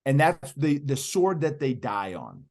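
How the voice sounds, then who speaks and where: A man's voice: medium pitch, huge pitch swings, measured pace, darkish tone. A middle-aged man talks as an interview guest, emphatic and persuasive. He presses the host with questions and keeps driving his point home. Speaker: podcast guest, youth speaker. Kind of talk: animated interview talk.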